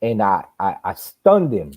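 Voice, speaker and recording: A man hosting a live boxing chat, telling animated, profane stories and acting out punches with sound effects. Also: lowish voice, a little slow, no echo, highs cut off. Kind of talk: casual storytelling chat.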